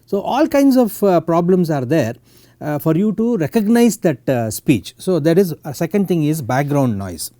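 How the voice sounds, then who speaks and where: Halting Indian male lecturer, mellow lively voice. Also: on the high side, dry recording, clean studio sound. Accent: Indian English. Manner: halting, full of "uh" and "okay" tags. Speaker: university lecturer. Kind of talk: technical lecture. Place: lecture recording.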